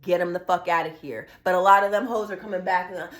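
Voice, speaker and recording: A woman's voice: lowish voice, a little fast, hardly any pauses. A young woman vlogging in a casual, blunt style, ranting with heated profanity about a reality show. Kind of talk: casual opinion vlog.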